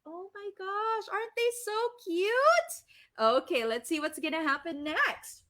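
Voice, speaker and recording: High, lively Filipino woman storyteller. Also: measured pace. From Philippines. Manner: animated, asks the kids questions, gushing. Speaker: children's storyteller. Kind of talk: live storytime reading for kids.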